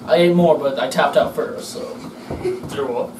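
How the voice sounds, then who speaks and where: A man's voice: a little high, fairly even intonation, normal speed, roomy sound, recorded from a distance, heavy background noise. A man competing in a pie eating contest, bantering and egging his friends on. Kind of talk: casual banter. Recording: loud crowd chatter behind.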